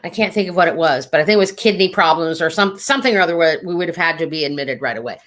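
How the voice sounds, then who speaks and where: A woman who works as a standardized patient actor chats casually as a guest, rambling through a long story with many fillers and restarts and laughing as she goes. Her voice is on the low side and a bit bright.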